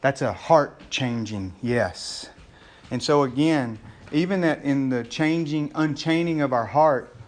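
A pastor delivers a conversational sermon, addressing the congregation as "gang" and growing loud and excited while acting out scenes. His voice is medium-pitched and he takes his time.

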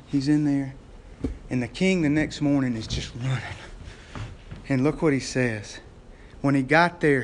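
A man with a high-pitched voice preaches a sermon. He tells the story in a lively way, chuckles often and keeps asking his listeners questions. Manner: lively storytelling with frequent laughs and rhetorical questions. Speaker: pastor.

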